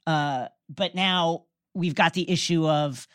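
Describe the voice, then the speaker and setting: Low-voiced woman recapping a movie. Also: takes it slowly, dry recording, studio quality. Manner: animated storytelling, many restarts. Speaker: podcast co-host recapping a film. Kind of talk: casual chat.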